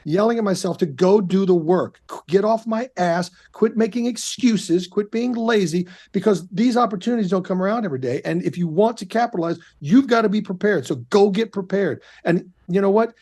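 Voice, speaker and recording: A man in his fifties, a guest on a podcast, telling candid stories and breaking into loud self-coaching outbursts. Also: high-pitched, fairly quick, few pauses. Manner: animated, shifts into loud self-coaching shouts. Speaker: guest, actor and comedian. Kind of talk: candid conversational storytelling. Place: podcast studio.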